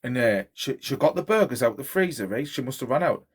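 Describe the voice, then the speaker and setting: A man's voice: medium pitch, animated, quick pace, slightly rough. A man telling rambling, sweary anecdotes in a casual chat.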